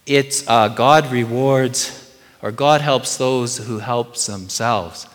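A man's voice: medium pitch, slow, big-room sound. A middle-aged man preaching a sermon, earnest and conversational, asking the congregation questions as he goes. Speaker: pastor.

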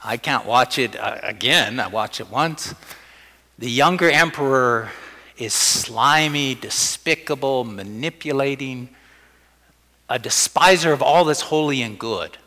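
A pastor delivers a sermon in a chatty, conversational way. He keeps slipping into little acted-out scenes with quoted voices. His voice sits at an ordinary male pitch and rings with a long church-hall reverb. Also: a little slow, pushed and bright.

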